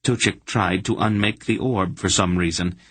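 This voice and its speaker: A man's voice: sits low, steady tone, moderate pace, a bit bright, no room sound. A man voicing a commanding woman, a sorceress who speaks in a firm, composed way.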